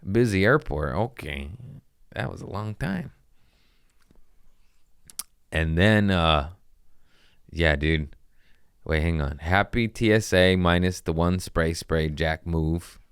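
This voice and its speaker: A man with a deep, low voice spins casual stories on his podcast, swearing freely and cracking himself up as he goes. The sound is close and dry, with no room around it. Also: takes it slowly, vocal fry, pauses often, smooth, no room sound. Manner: loose, profane, laughing at his own stories. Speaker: comedian hosting a podcast. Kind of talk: casual storytelling chat.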